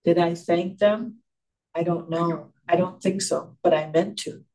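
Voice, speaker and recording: A man's voice: on the high side, fairly even intonation, measured pace, darkish tone, poor audio. Man reading a reflective story aloud. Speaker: committee member giving the opening inspiration.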